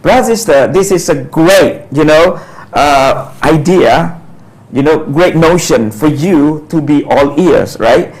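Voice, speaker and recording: Gravelly radio show host. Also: male voice, fairly high pitch, darkish tone, rough recording. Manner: halting, frequent "you know" and "uh" fillers. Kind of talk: call-in radio talk show.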